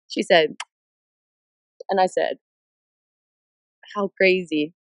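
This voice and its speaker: A young woman in her twenties with a bit of a cold, chatting excitedly on a livestream and answering viewer comments. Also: mid-range voice, normal speed, long pauses, no echo. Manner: bubbly, excitable, jumps between viewer shoutouts. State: stuffed up with a cold. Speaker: livestream host. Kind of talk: casual livestream chat reading comments. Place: in a car. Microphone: phone camera.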